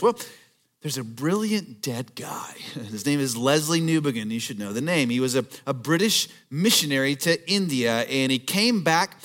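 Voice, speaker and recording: A male pastor delivering a sermon in church, moving between emphatic preaching and hushed storytelling. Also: medium pitch, lively intonation, normal speed.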